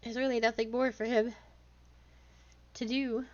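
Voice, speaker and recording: High-voiced woman streaming a game. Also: flat delivery, unhurried, lo-fi sound, a little hiss or hum. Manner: chatty, reacting aloud. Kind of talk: live gameplay commentary. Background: game music.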